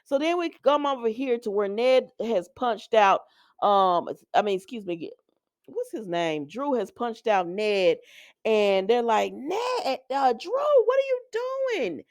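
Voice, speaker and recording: A woman's voice: medium pitch, measured pace, clear, resonant tone, no echo, clean studio sound. A woman recapping a soap opera episode in a casual, opinionated and colloquial way, laughing often.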